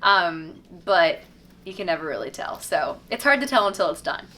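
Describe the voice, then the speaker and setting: A woman's voice: lowish voice, big pitch swings, normal speed, pushed and bright, a little hiss or hum. A woman from Tennessee, a singer, reading out fan questions and answering them in a chatty, upbeat way with lots of "um" and "like". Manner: chatty and upbeat, many fillers like "um" and "like". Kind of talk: casual fan Q&A.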